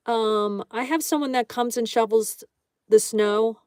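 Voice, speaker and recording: A woman hosts a relaxed livestream and talks easily while she draws, greeting viewers by name. Her voice sits a little high. The sound is close and dry, with no room echo. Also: moderate pace. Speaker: livestream host. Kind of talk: casual chat reading viewer comments aloud.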